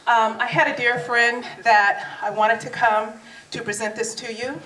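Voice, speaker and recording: A daughter's birthday toast at a family party, recorded in an echoey hall amid a crowd, has her speaking in a fairly high, bright, forceful voice with a steady tone and measured pace. She tells her story animatedly, acting out the voices she quotes and laughing frequently.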